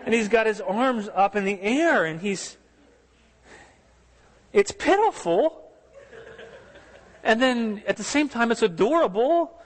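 A man's voice: sits high, expressive, slow pace, long pauses, in a large hall. A man preaching a sermon in an earnest, conversational way, asking his listeners questions as he goes. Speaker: pastor.

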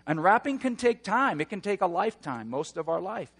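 A man preaching a sermon, moving between hushed, slow passages and loud, roaring emphasis. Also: high voice, sing-song, vocal fry, breathy edge, in a large hall. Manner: dynamic preaching, swings from hushed to shouting. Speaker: pastor.

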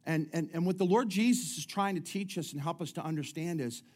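A middle-aged man delivers a sermon in a conversational, joking way, often restarting his sentences. His voice sits a little high for a man. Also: fairly quick, a little mellow. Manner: conversational preaching with humorous asides and frequent restarts. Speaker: pastor.

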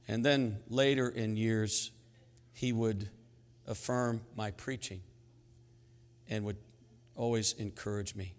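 A man in his sixties preaching a sermon, telling stories in a lively, humorous way that swings between hushed and loud. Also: on the low side, a little slow, long pauses. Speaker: pastor. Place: church sanctuary. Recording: long hall reverb in sanctuary.

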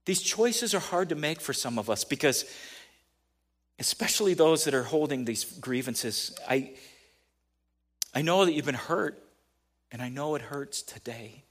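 A man delivers a sermon with a slightly higher-pitched voice. He talks conversationally, then builds to emphatic, forceful peaks. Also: animated, measured pace, long pauses. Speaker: pastor.

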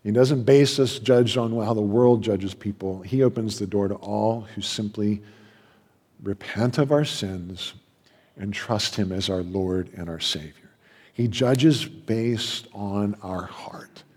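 A man preaching a sermon as a pastor, passionate, swinging between loud emphasis and hushed asides. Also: lowish voice, a little slow, breathy edge. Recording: long hall reverb.

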